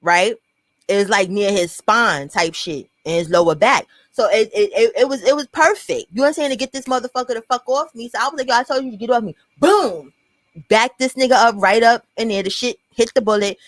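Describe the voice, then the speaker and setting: A woman's voice: a little high, brisk, no echo, low-quality recording. A young woman with a New York accent telling a personal story to camera in a blunt, profane storytime vlog, talking straight to her viewers.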